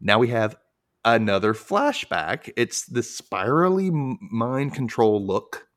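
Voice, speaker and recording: A man casually recapping a cartoon on a podcast, animated, laughing often and acting out quotes. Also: medium pitch, takes it slowly, no echo, clean studio sound. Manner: animated retelling, frequent laughter, acts out quotes.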